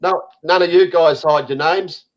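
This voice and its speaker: A man's voice: on the high side, normal speed, lo-fi sound, background noise. A man hosting a casual online group chat, ranting heatedly and swearing often. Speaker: host.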